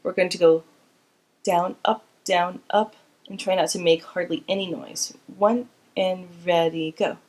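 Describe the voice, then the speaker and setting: A woman's voice: lowish voice, fairly even intonation, measured pace, a little mellow, soft background music. A woman teaching a beginner string class, explaining bowing and counting students in with encouragement. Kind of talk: instrument lesson. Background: instrument playing.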